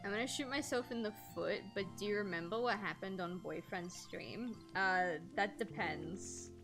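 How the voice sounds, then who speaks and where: A woman's voice: medium pitch, moderate pace, over music. A young woman streaming while she draws, telling stories in a rambling, slangy way and swearing freely. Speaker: streamer and artist. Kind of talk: casual livestream chat while drawing.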